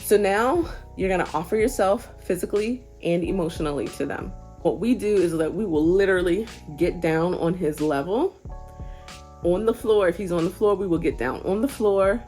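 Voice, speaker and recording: A young adult woman giving casual parenting advice to camera in an earnest, gently encouraging, conversational way. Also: lowish voice, normal speed, faint music behind. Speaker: parenting vlogger.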